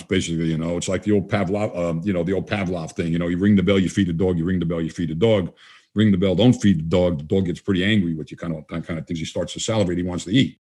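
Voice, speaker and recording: A man's voice: low voice, husky. A man answering interview questions, telling stories and acting out both sides of conversations. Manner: animated, acts out both sides of dialogues. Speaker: guest trainer.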